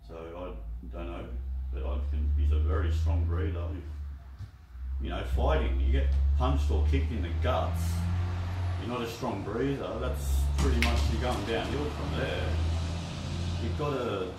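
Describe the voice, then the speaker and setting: A man's voice: fairly low pitch, very noisy. Rambling man teaching breathing in an echoey room. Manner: rambling, folksy, guiding breathing counts. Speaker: martial arts teacher. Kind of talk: casual instructional talk. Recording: echoey room, distant mic.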